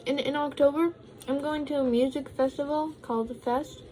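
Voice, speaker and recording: A woman's voice: high-pitched, fairly even intonation, normal speed, mellow, a little hiss or hum, low-quality recording. A young woman talking casually to her vlog audience, rambling with lots of ums and likes, sometimes while eating. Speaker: vlogger.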